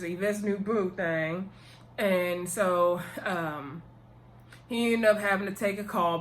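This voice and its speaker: A woman giving a casual, animated recap of a TV episode, full of slang and playful asides. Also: medium pitch, a little hiss or hum. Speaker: TV episode reviewer.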